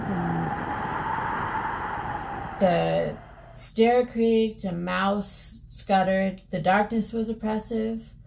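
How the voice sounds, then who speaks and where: Slow, gravelly young woman telling a story. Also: mid-range voice, a little mellow. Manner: retells loosely with restarts and "she's like". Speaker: vlogger. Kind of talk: casual storytelling while getting ready.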